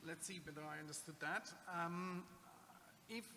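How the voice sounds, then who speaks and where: A man whose first language is German answers audience questions from a conference panel, pausing and restarting often. His voice sits fairly high and sounds bright. Long reverb from the hall and a faint hiss sit behind him. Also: creaky. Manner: halting, many fillers and restarts. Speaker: conference speaker on public-sector accounting.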